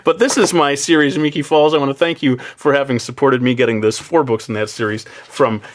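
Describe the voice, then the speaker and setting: A man narrating a drawing tutorial in a relaxed, chatty way, with many filler sounds and some self-deprecating asides. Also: medium pitch, fairly quick. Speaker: drawing instructor.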